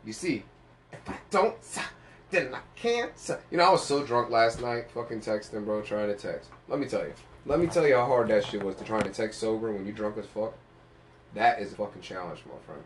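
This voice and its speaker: A man's voice: fairly low pitch, brisk, slight background noise. A young man co-hosting a podcast, rambling and joking in crude, profane casual chat. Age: young adult. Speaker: podcast co-host.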